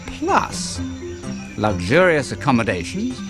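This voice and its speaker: A man's voice: mid-range voice, wildly swooping pitch, takes it slowly. A man narrating a kids' wildlife program in a jokey, playful way. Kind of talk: scripted wildlife narration for kids. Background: music.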